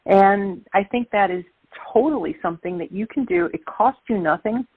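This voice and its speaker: Over a dry, tinny phone connection without room sound, a Brooklyn-accented woman from Brooklyn, New York joins an interview as a guest. Her mid-range voice is husky, her pace normal, and her tone emphatic and motivational.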